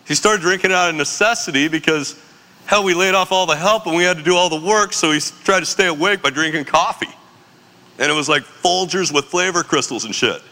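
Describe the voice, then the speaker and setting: Brief: animated, slangy storyteller in his forties, bright voice, long reverb from the hall. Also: on the high side. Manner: animated, slangy, laughs often. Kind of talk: casual storytelling.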